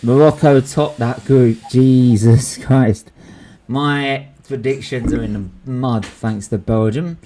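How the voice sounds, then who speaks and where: A man's voice: medium pitch, a little slow, few pauses, slight background noise. A young man, hosting a casual live football watchalong, swearing freely and calling his friend "bruv". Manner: excitable, swears freely, says "bruv" a lot. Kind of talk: casual live match reaction chat.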